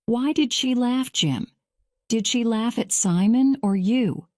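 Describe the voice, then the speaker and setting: A woman voicing a calm male lawyer questioning a witness, read slowly and evenly. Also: on the high side, dry recording, clean studio sound. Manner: measured, slow graded-reader delivery.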